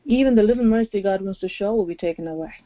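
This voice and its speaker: A woman's voice: medium pitch, quick pace, no room sound. A woman pastor preaching a sermon, stressing her points by repeating phrases. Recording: dry, dull lo-fi audio.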